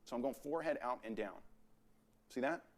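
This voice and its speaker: A man teaching portrait posing in his photo studio, directing a subject with energetic, repetitive coaching. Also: medium pitch. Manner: rapid, energetic coaching with frequent restarts and repeats.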